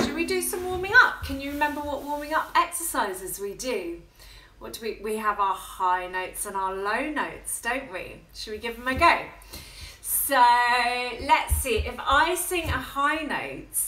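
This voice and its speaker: A woman leading a toddler music class in a coaxing, sing-song manner, swooping between high and low notes. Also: expressive, measured pace, bright, forceful tone. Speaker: children's music teacher. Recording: echoey room with ukulele playing.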